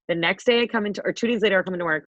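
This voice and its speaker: A young woman co-hosting a podcast, telling a story in a brash, profane, animated way. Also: medium pitch, racing, no room sound, lo-fi sound. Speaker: podcast co-host. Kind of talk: casual storytelling chat.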